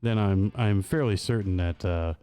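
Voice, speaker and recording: A man's voice: low-pitched, normal speed, dark tone, clear, resonant tone, faint music behind. A man co-hosting a podcast, telling a rambling story in a loose, casual way with lots of fillers and teasing laughs. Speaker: podcast co-host. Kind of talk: casual chat.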